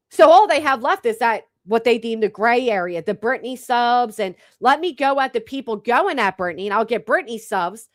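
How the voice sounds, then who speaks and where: Woman, stream host, blunt, profane, fairly high voice, dry sound. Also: dry recording. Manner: blunt, profane, talks straight to chat. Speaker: livestream commentary host. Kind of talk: reaction commentary stream.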